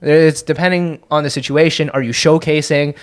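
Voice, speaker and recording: A man's voice: a little high, fairly even intonation, moderate pace. A young man from Canada hosting a podcast, chatting casually in a loose, profane, rambling way with many restarts. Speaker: podcast host and comedian. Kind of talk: casual chat.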